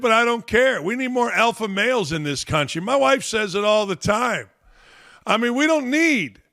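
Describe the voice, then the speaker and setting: A high-pitched, gravelly middle-aged American man delivers a blunt, profane sports rant, breaking into shouts. His voice is bright and forceful, recorded dry and close. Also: no room sound. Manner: blunt, profane, fiery ranting with shouted outbursts. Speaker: sports talk show host.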